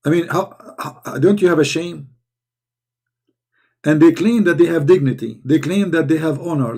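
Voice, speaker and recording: Hoarse man with a somewhat high, gravelly voice delivers polemical commentary in halting English. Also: warm tone. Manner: heated, rhetorical questions, halting non-native English. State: hoarse, losing his voice. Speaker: online commentator. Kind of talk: polemical commentary while reading texts aloud.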